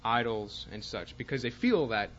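A man teaching a Bible class, speaking haltingly with fillers and restarts and reading passages aloud with more force. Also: medium pitch, animated, a bit bright, dull audio.

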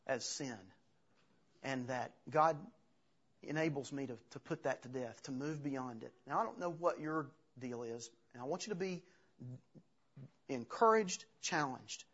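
A man preaching a sermon as pastor, earnest and halting, often restarting his phrases. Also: fairly high pitch, breathy edge. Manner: earnest, halting with restarts, retells scripture with acted quotes. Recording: dull lo-fi sound.

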